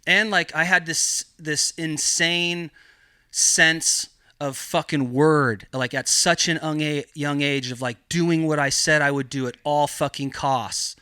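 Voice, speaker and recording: Dude on a podcast telling a wild story, cussing a ton, bright punchy voice, dry sound. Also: male voice, on the high side, slow pace, smooth, no echo. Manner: profane, animated, heavy filler "like". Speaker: podcast guest. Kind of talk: casual storytelling.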